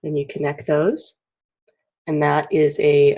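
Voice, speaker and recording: Casting: low, husky woman teacher, frog in her throat, chatty and clearing her throat; dull lo-fi recording. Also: level tone, slow pace, warm tone. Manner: chatty, clears throat often, acts out expressions. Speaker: drawing teacher. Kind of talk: casual drawing tutorial.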